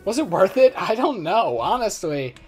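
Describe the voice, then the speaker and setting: A man's voice: high voice, big pitch swings, moderate pace, darkish tone, faint music behind. A man in his twenties giving casual gameplay commentary, rambling and joking at his own expense. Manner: rambling, joking, self-mocking. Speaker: let's play host.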